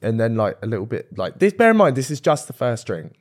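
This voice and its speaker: A man's voice: mid-range voice, very animated, fast talker. A young man co-hosting a casual podcast, telling a story in a chatty way. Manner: chatty storyteller recounting anecdotes. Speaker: podcast co-host. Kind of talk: casual chat.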